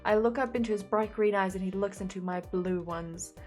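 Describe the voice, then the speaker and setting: A young woman reading fanfiction aloud as a content creator, breaking in with animated, sarcastic jokes and giggles. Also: medium pitch, brisk, faint music behind.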